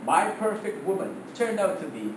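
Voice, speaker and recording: A man giving a prepared humorous speech to his class, telling stories in an animated way and laughing at his own jokes, heard from across a classroom. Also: sits high, moderate pace, reverberant, recorded from a distance, noisy background.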